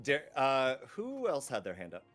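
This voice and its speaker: A man's voice: medium pitch, huge pitch swings, music in the background. A man running a social deduction game as storyteller, announcing votes matter-of-factly. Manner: brisk, matter-of-fact announcer.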